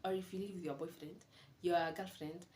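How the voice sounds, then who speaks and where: A woman's voice: lowish voice, fairly even intonation, a little fast, mellow. A young woman speaks candidly to her camera, confiding and reflective. Her voice rings in an echoey room at home, with a faint hum of background noise. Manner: candid, confiding, mixes in Swahili words. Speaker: vlogger. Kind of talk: casual reflective monologue.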